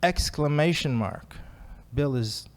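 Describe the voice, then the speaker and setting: A man's voice: a little high, animated, slow pace. A man sharing his recovery story at a meeting, chatty and self-deprecating, laughing often. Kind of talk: personal story at a recovery talk.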